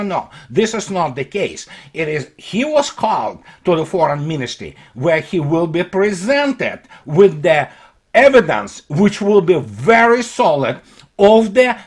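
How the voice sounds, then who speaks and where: A man giving an unscripted political commentary monologue, sarcastic and mocking, halting often on fillers. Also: high voice, breathy edge.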